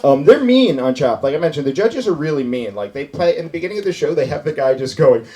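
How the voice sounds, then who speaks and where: A man doing a stand-up comedy set on a club stage, animated and putting on voices for his bits. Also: fairly high pitch, a little fast, few pauses. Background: faint crowd laughter.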